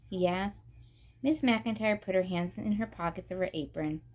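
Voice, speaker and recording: A woman's voice: on the low side, lively intonation, normal speed, creaky, darkish tone. Woman reading a children's book aloud. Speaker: storybook reader.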